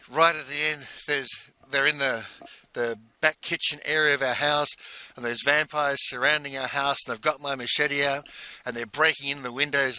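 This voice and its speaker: A man telling a personal story in a casual, halting way, full of restarts and repeated words. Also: mid-range voice, pushed and bright, dry recording. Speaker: speaker recounting a personal exercise.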